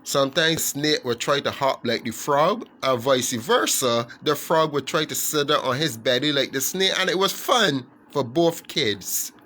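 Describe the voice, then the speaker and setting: A man's voice: mid-range voice, unhurried, few pauses, sharp tone. A man telling a fable to his online audience in an earnest, repetitive way, correcting himself as he goes. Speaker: storyteller.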